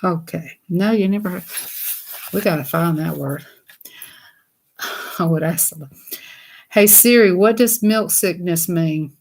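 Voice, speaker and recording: Slow, chatty woman reading aloud. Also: on the low side, gravelly, darkish tone. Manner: chatty, giggly, talks to viewers, reads slowly. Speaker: vlogger reading children's books. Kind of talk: casual read-aloud chat.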